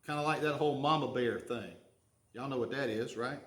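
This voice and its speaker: Folksy preacher, echoey room. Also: male voice, medium pitch, brisk, fairly bright tone. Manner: folksy, conversational preaching with rhetorical questions. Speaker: pastor. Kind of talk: sermon.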